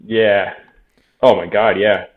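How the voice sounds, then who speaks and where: A man's voice: lowish voice, steady tone, takes it slowly. A man in his thirties, a veteran guest telling his story frankly in a casual interview, often quoting himself. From Tucson, Arizona. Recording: tinny phone-like audio.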